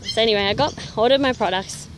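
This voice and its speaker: A young woman telling a personal story to camera in a casual, animated way, full of "you know" fillers. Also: a little high, quick pace, slight background noise. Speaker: fitness vlogger.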